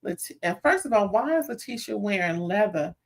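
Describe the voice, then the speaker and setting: A woman hosting a live reality TV recap, chatting straight to her viewers in a sassy, animated, casual way. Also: mid-range voice, fairly quick.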